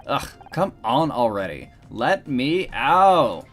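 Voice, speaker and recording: A man's voice: medium pitch, sing-song, moderate pace, soft background music, pitched above the performer's own voice. A man voicing a spoiled, whiny young woman in a game who only cares about her party. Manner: whiny and petulant.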